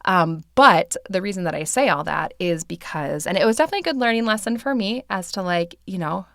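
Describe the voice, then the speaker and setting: Gravelly-voiced woman chatting on a podcast. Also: on the low side, lively intonation, fairly quick, a bit bright, dry recording, clean studio sound. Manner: chatty, filler-heavy, laughs easily. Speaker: podcast host and meditation teacher. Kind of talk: casual solo podcast talk.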